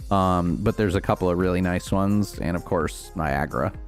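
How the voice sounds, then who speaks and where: A man's voice: sits low, moderate pace, soft background music. A young man chatting casually on his livestream while playing, rambling and answering chat with lots of fillers. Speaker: streamer.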